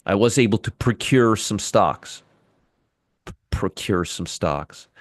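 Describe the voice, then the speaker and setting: Guy running a live trading room, lowish voice, dead dry mic, super sarcastic, keeps restarting as he clicks around. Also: animated, slow, no room sound. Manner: sarcastic, talks to viewers and chat; restarts and trails off while working his screens. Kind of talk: live market commentary.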